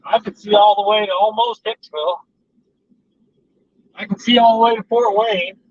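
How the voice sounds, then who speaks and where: A man vlogs from a car on the highway, rambling through casual chat and stories as he drives. His voice is high and steady at a moderate pace, and the in-car recording sounds distant and dull, with road noise.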